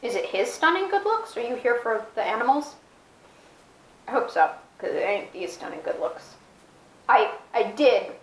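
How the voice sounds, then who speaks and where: A woman's voice: on the high side, a bit bright, echoey room, low-quality recording. A woman vlogging casually to an action camera at home, chatty and self-mocking, rambling as she talks. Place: indoors at home, with her dog nearby. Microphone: camera mic, fisheye action camera.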